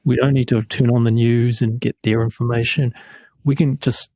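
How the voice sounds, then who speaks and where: A man hosting a casual chat, musing slowly and reflectively, sometimes groping for the right word. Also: mid-range voice, flat delivery, dark tone, dry recording. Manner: reflective, searching for words. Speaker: host.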